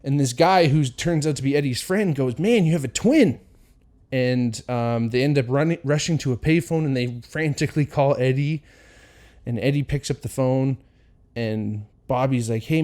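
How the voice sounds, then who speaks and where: A man hosting his own podcast, telling a story casually at a middle pitch. He rambles with plenty of "you know" and "um", and he slips into quoted voices with small chuckles. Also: darkish tone. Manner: rambling, many fillers, acts out quotes with chuckles. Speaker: podcast host.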